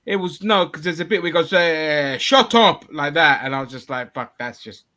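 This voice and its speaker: A man's voice: on the high side, lively intonation, quick pace, a bit bright. A man hosting a casual review podcast, talking bluntly, swearing freely and steering the discussion. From England. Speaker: podcast host.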